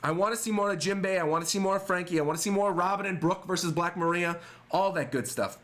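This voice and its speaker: A man's voice: high-pitched, fast, a little hiss or hum. A man doing a casual livestream reaction to a manga chapter, reading panels aloud and chatting with his viewers. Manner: animated, reads panels aloud and chats to viewers. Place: temporary room away from home. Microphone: webcam setup.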